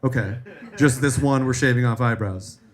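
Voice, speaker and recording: A man's voice: mid-range voice, normal speed. A young man hosting a live comedy show, joking loosely, swearing and laughing at his own stories. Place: live venue with audience.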